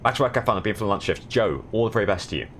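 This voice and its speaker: A man's voice: lowish voice, lively intonation, rapid-fire, a bit bright, slight background noise. A young man from the south of England chatting casually while streaming a driving game, with dry, sardonic commentary. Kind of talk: casual gaming stream chat.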